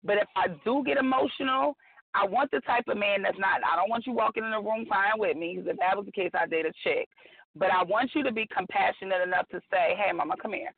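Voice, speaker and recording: A woman's voice: mid-range voice, a little fast, vocal fry, husky, dry recording. A woman guest talking on a radio chat show, outspoken, blunt and emphatic, with plenty of slang. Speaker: guest author. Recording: tinny phone line.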